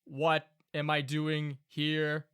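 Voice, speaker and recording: A man voicing a newly woken golem, confused and speaking slowly. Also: on the high side, monotone, a bit bright, smooth. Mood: bewildered.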